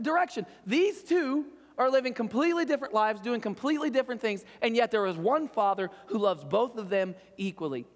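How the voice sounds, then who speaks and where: A man's voice: very high-pitched, in a large hall. A man preaching a sermon as pastor, earnest and often checking in with "right?". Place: church sanctuary.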